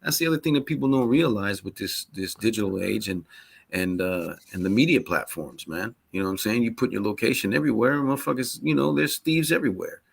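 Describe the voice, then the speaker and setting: Low-voiced profane podcast co-host. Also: male voice, fast, gravelly, husky. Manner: loose, profane, rambling with constant asides. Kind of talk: casual sports podcast chat.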